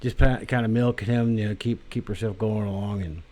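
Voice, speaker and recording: A man's voice: on the low side, fairly even intonation, brisk, a little mellow. A man delivering a rambling, profane solo monologue with crude language, drifting tangents and many fillers. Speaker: podcast host.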